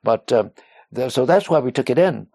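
A man's voice: medium pitch, expressive, moderate pace, gravelly, dark tone, dry recording. A man recounting a personal story in an interview, rambling with many restarts and fillers and acting out what others said. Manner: acts out other people's words in quotes. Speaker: interview guest.

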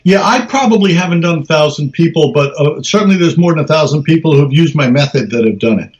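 Halting man with a dull lo-fi sound. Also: on the high side, a little mellow. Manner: halting, with frequent restarts and acted-out quotes. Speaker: researcher and guest. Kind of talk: casual conversational storytelling. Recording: dull lo-fi recording.

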